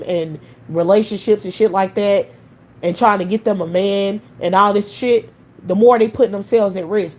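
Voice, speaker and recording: A woman's voice: medium pitch, slight background noise. Woman livestream host; heated, profane rant; mid-range voice. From United States.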